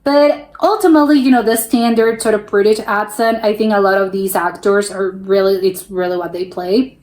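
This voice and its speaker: A woman's voice: mid-range voice, fairly even intonation, moderate pace, a little mellow. An American woman hosting a reaction video, musing aloud in a chatty, rambling way with many restarts. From United States. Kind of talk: casual reaction commentary.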